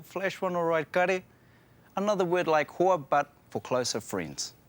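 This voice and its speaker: Playful male co-host of a language show, New Zealand accent, fairly high voice with a very lively pitch. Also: measured pace. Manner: playful, joking. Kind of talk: lively language lesson presenting.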